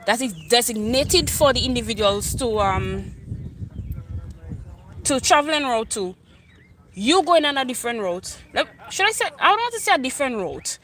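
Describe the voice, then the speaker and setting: A woman with a Grenadian accent telling an animated storytime tale for her vlog, repeating herself in island dialect. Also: fairly high pitch, a little hiss or hum. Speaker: vlogger.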